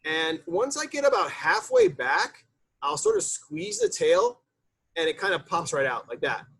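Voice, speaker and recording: A man's voice: high-pitched, wildly swooping pitch, a little slow, vocal fry, a bit bright, slightly rough. A man, a chef, giving a casual cooking demonstration in a loose, chatty way with lots of fillers and restarts.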